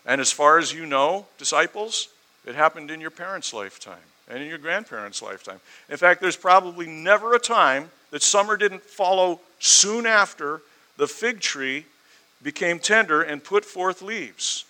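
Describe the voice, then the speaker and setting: A man's voice: on the high side, lively intonation, moderate pace, sharp tone. A man preaching a storytelling sermon, building his points through emphatic repetition.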